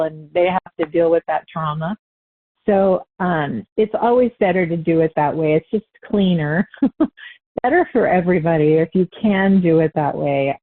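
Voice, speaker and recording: A woman giving an unscripted spiritual teaching talk, loose and conversational, correcting herself as she goes with light laughs. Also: fairly low pitch. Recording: tinny phone-like line.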